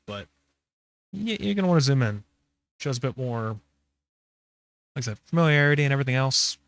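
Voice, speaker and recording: A man's voice: medium pitch, sing-song, brisk, dry recording. A tired man streaming while he edits a video, rambling casually and searching for words. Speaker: streamer editing his video. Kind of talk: casual live commentary.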